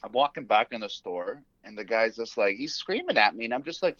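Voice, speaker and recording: A man's voice: on the low side, brisk, hardly any pauses. A young man co-hosting a podcast, telling a story in casual chat, acting out quotes and laughing often. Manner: animated, acts out quotes, laughs often, swears. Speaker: podcast co-host. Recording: dull dry studio mic.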